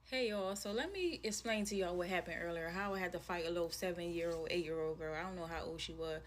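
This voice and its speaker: A woman telling a personal story in an animated, slangy, casual way. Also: lowish voice, fast talker, slight background noise. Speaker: storyteller in a viral video.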